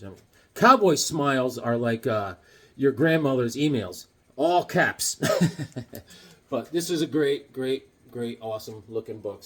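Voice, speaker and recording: A middle-aged man vlogging casually, excitable and joking as he talks straight to the viewer. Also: mid-range voice. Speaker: comic collector vlogger. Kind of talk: casual show-and-tell vlog.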